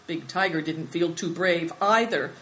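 A woman narrating a children's storybook in an expressive reading. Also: on the low side, a little slow, rough recording.

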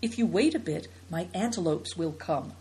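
A woman's voice: fairly low pitch, lively intonation, dark tone, lightly acted. A woman reading the part of a passionate young girl who protests with strong feeling, in a storybook. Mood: hushed. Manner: emotional, quick to protest.

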